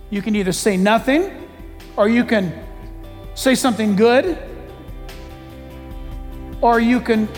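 A man preaching a sermon as pastor, animated and joking, acting out little voices of gossipers. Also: sits high, big-room sound. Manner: animated preaching with playful asides and acted-out gossip.

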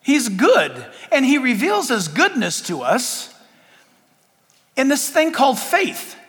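A man's voice: very high voice, takes it slowly, in a large hall. A man preaching a sermon, telling stories and acting out back-and-forth conversations with God. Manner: animated storytelling, acting out dialogue with God.

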